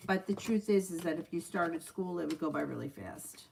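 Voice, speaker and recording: A woman's voice: lowish voice, animated, moderate pace, creaky, a little mellow, slight background noise. A woman running a live-stream tarot reading, chatty and blunt, swearing freely when something annoys her. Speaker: tarot reader.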